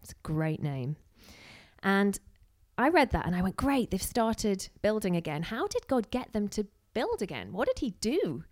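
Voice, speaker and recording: A woman's voice: mid-range voice, normal speed. Chatty woman preaching. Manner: chatty and animated, acting out quotes with asides. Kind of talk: casual sermon.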